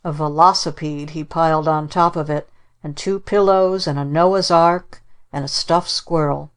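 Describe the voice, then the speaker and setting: Woman reading a kids' storybook aloud, low voice, steady and measured. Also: smooth. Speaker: audiobook narrator. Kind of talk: scripted narration.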